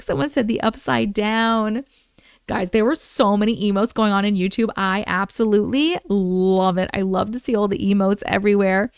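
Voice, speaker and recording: A woman hosting a live stream, reading viewer stories aloud and reacting with animated exclamations and swearing. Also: medium pitch, normal speed, smooth, no echo.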